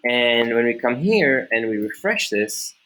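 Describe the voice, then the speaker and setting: A man hosts a screen-recorded coding tutorial, his voice sitting at an ordinary middle pitch. He thinks out loud as he works, stumbling through restarts and fillers. He keeps turning to the viewer with rhetorical questions. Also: very animated, unhurried, low-quality recording. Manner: casual, rambling, thinks aloud with many fillers and restarts; talks straight to viewers, asks rhetorical questions.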